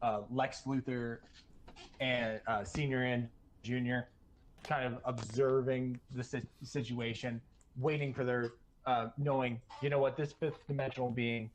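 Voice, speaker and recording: A man in casual chat, reacting to a pitch with many pauses and fillers. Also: level tone, slight background noise, poor audio. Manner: hesitant, many uhs, agreeable. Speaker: co-host.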